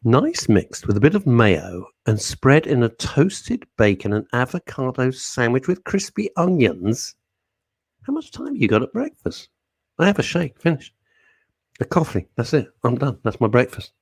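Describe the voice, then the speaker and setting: Man, radio talk host, lively swooping pitch, dry close sound. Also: moderate pace, husky, no room sound. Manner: chatty, animated, jokey, talks to listeners by name. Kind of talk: casual chat reading listener comments.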